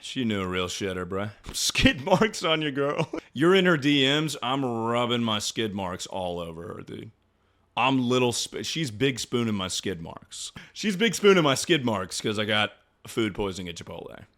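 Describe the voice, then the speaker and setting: A man's voice: mid-range voice, sing-song, moderate pace, fairly bright tone. A young man streaming, riffing on viewer stories in crude, rambling casual chat. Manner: rambling, joking, trails off into mumbles.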